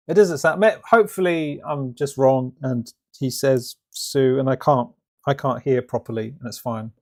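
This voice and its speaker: A man's voice: mid-range voice, moderate pace. A man hosting a live stream, rambling and ranting about a game trailer in casual reaction commentary. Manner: rambling, ranty, lots of restarts and fillers.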